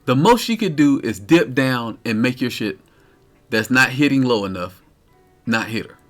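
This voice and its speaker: A man's voice: medium pitch, moderate pace, soft background music. A man streaming live, ranting in exasperated detail about a fighting game character. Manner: animated, incredulous, cursing.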